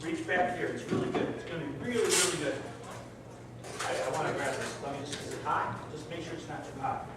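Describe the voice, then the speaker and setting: A man's voice: fairly high pitch, fast talker. Bumbling ventriloquist man on stage. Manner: bumbling, apologetic, corrects himself. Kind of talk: stage comedy patter. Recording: distant echoey live stage with noise.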